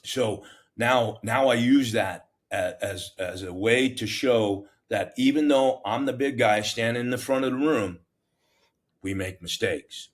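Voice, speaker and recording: A middle-aged man and fire captain, telling a story in a casual interview in an animated, self-mocking, plain-spoken way with many restarts. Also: medium pitch, unhurried. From United States.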